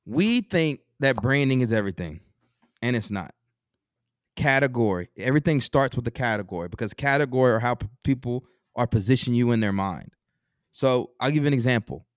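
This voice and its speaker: A man's voice: mid-range voice, animated, a little fast, clear, resonant tone, no room sound, studio quality. A man from Texas, a podcast guest explaining business ideas with examples and rhetorical questions in a casual interview.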